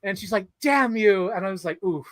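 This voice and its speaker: Animated man, slightly high, dry sound. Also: fast talker, husky, no room sound. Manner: animated, laughs often, acts out movie lines. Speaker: podcast co-host. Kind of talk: casual film discussion.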